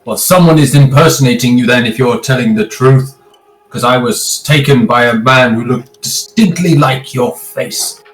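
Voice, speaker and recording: A man's voice: medium pitch, moderate pace, reverberant, faint music behind, poor audio. A man playing in character in a tabletop game, speaking in an earnest, questioning way. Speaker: player.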